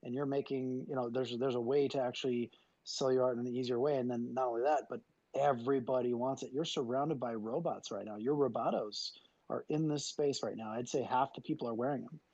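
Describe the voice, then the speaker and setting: A man's voice: mid-range voice, steady tone, fairly quick, darkish tone, no room sound. A man hosting a podcast, asking enthusiastic, admiring questions in casual talk. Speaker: podcast host. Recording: dull, dry lo-fi sound.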